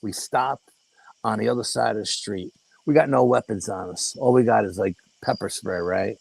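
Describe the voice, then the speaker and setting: At normal speed, in a lowish voice that is both creaky and husky, an older man tells a story as a guest paranormal investigator in an interview. He's animated and profane, acting out the dialogue, captured in a dry, rough recording.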